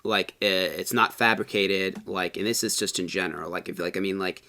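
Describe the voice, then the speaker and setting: Lower-pitched man with a bright, forceful voice. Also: steady tone, a little fast. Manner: rambling, lots of filler words. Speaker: co-host. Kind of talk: casual chat.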